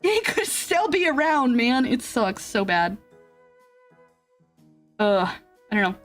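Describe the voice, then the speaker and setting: High-voiced, animated woman streamer. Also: takes it slowly. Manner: animated, swings between excited yelps and low grumbling; rambling with frequent fillers and laughs. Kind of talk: casual chat with viewers. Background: faint background music.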